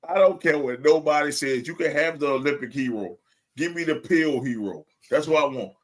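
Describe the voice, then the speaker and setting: A man's voice: fairly high pitch, normal speed. A man co-hosting a wrestling podcast, chatting casually and laughing often. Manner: laughs often, animated storytelling. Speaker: podcast co-host.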